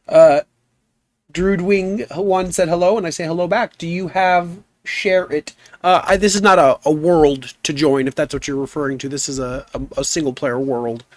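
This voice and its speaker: Easygoing man with a rough voice. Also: fairly high pitch, steady tone, moderate pace, no room sound. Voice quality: rough, gnarly voice. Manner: easygoing, rambling, reads chat aloud. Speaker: game streamer. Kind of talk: casual live-stream chat.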